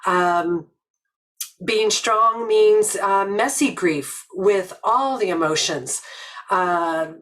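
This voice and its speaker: An older woman from Nova Scotia giving a reflective webinar talk, telling stories slowly and earnestly with many pauses. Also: medium pitch, fairly bright tone, low-quality recording. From Nova Scotia, Canada. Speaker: webinar presenter.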